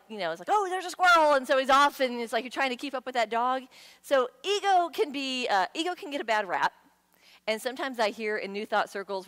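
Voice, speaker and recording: A woman giving a sermon in a conversational, playful way, with lively asides to the congregation. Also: sits high. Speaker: guest speaker. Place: church sanctuary. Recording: long hall reverb.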